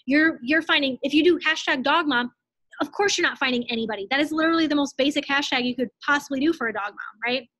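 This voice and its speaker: A young woman in her twenties coaching her team in a live online training, talking fast and casually with lots of "like"s and blunt asides. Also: high-pitched, sharp tone, no echo. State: out of breath.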